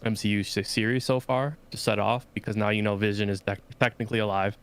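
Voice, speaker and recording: A man co-hosting a casual review podcast with a low, smooth voice. He talks in a measured way and pauses on fillers as he gathers his thoughts. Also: level tone. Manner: measured, hesitant, many fillers.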